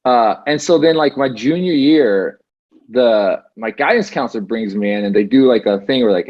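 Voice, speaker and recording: A man with a husky, slightly rough voice tells his story in a loose, rambling way, full of fillers and restarts. His pitch sits in a typical middle range. The video call audio sounds dull and lo-fi. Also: expressive, moderate pace, a little mellow. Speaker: interview guest. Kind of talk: casual conversational storytelling.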